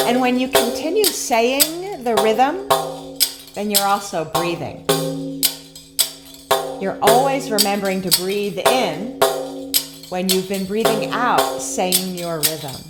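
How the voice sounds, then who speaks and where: Lady giving a slow calm tambourine lesson, chanting the beats, loud tambourine going behind her. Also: mid-range voice, over loud music. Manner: calm, guiding, chants rhythm syllables. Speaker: tambourine teacher. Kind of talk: instructional lesson.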